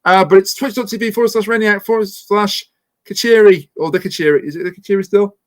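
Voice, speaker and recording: A man with a notably high voice hosts a casual podcast chat. He rambles, trips over his own words and slips in dry jokes. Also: fairly even intonation, normal speed. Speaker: podcast host.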